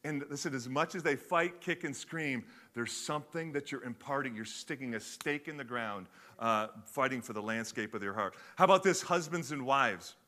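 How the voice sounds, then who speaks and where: A man's voice: medium pitch, moderate pace, hardly any pauses, sharp tone. A man preaching a sermon as a pastor, talking conversationally with many fillers and restarts.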